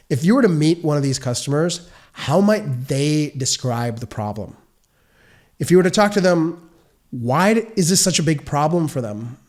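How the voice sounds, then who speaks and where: A man, a software consultant, giving an earnest, explanatory advice monologue on a podcast and asking one question after another. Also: fairly high pitch.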